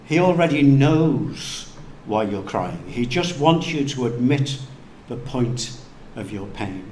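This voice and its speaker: Slow-preaching man in an echoey church. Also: medium pitch, animated. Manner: slow, deliberate preaching with hushed dramatic drops. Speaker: pastor. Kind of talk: sermon. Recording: echoey room with faint background noise.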